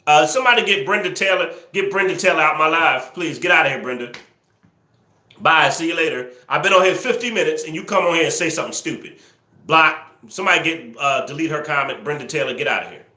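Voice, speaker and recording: Animated man yelling at his live chat. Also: on the high side, fairly quick, roomy sound. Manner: teasing, scolding trolls, yelling excitedly at times. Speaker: livestream host. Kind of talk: casual live-stream commentary, talking to the chat.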